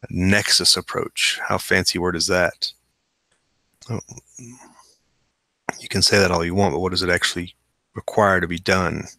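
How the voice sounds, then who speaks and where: A man reads article passages aloud in a casual home show, breaking off for skeptical, wry remarks. His voice sits a little low but has a bright, forceful edge. The sound is close and dry, with no room around it. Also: little pitch movement, moderate pace, vocal fry, pauses often, dry recording. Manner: skeptical, wry asides between read quotes. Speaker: host reading and commenting on articles. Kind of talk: casual commentary while reading aloud.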